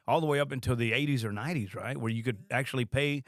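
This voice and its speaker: Man, podcast co-host, profane storyteller, laughing, mid pitch, dry close mic. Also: quick pace, dry recording. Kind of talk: casual storytelling.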